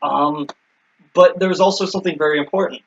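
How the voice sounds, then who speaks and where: A man's voice: fairly high pitch, steady tone, a little fast, creaky. A man co-hosting a casual recap chat, explaining things with many ums and restarts. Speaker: podcast co-host. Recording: dull lo-fi recording.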